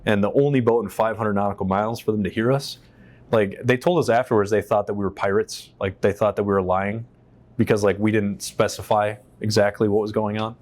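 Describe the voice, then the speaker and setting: Lowish-voiced man telling a candid story. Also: a little fast. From United States. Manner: animated, profane, acts out quotes. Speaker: interview guest, veteran. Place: on a stage in a shop.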